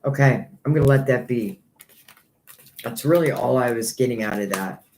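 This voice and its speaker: Man, mid-pitched, tarot reader on a live stream, rambling and earnest. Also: moderate pace, a little mellow. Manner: rambling, thinking aloud; earnest, a little hurt by critics.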